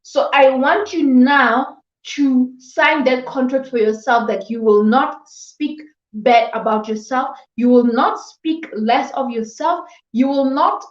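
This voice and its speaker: A woman with a high voice speaks slowly and with emphasis in a motivational talk, often repeating herself and scolding her listeners. The sound is dull and lo-fi, and it rings around an echoey room. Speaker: motivational vlogger.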